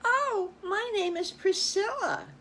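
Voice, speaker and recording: A woman's voice: extremely high pitch, animated, slow pace, fairly bright tone, a little hiss or hum, pitched above the performer's own voice, full character voice. An older woman voicing a chatty little girl who talks eagerly and proudly.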